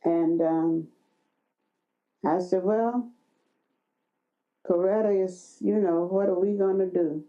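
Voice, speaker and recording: An older woman slowly recounting a personal memory in an interview, often quoting what others said. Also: on the low side, fairly even intonation. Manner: slow storytelling, quoting others. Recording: dull lo-fi sound.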